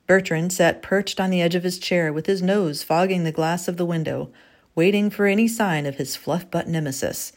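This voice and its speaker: Woman with a lowish, wry storybook voice. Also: darkish tone. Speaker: narrator. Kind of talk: storybook narration.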